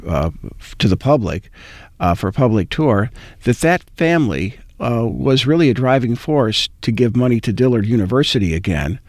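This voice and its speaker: A man's voice: fairly low pitch, no room sound, studio quality. A man hosting an interview, talking in long rambling stretches full of restarts and filler words. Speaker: interview host. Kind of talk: conversational interview.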